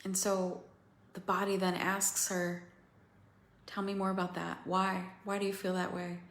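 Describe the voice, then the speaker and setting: A woman coaching other women through a feeling practice, slow and pausing, candid and swearing now and then. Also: on the low side, level tone, reverberant. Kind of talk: guided emotional coaching talk.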